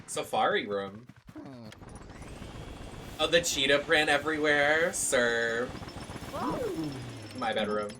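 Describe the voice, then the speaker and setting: A young adult streamer giving sassy, animated live commentary on a game and swearing freely. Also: mid-range voice, slow, long pauses, a little hiss or hum. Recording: clear game music underneath. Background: game music.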